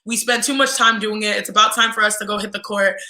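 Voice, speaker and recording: Woman, 20s, podcast guest. Lively storyteller who mimics others' voices; very bright tone, roomy sound. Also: mid-range voice, quick pace. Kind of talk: casual storytelling.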